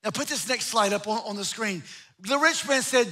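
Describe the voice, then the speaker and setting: Pastor, male, very high bright voice, emphatic sermon delivery. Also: normal speed. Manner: emphatic, with repeated phrases and restarts.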